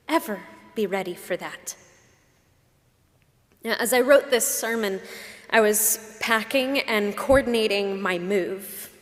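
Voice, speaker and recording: A woman pastor giving a sermon, telling personal stories with emotion and asking reflective questions. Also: mid-range voice. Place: church sanctuary. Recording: long hall reverb.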